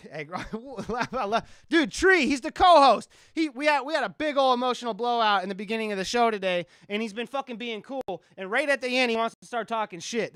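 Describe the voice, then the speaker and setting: High, bright-voiced man rambling on stream. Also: clear, resonant tone, no room sound, clean studio sound. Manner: profane, rambling, joking with chat. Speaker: music producer hosting a live stream. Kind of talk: casual live-stream chat.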